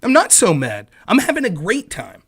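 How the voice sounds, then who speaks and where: A man hosting a live stream, delivering a profane, sarcastic rant and taunting a listener, at times breaking into shouts. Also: high-pitched, huge pitch swings, moderate pace, breathy edge.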